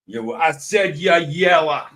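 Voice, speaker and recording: A British man putting on a stereotypical American cowboy voice with a mock western accent, slow and taunting. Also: fairly high pitch, animated, pushed and bright, slight background noise, pitched above the performer's own voice, heavily acted.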